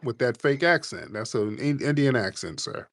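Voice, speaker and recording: A man's voice: mid-range voice, expressive, normal speed, a bit bright. A man hosting a call-in talk show, blunt and teasing, with casual slang. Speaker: host.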